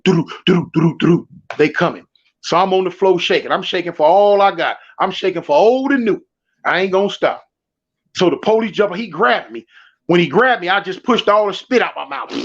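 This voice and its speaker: Animated man telling a prison story. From Southern California. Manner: street slang, acts out voices of others with big pitch jumps. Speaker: storyteller guest. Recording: dull lo-fi sound.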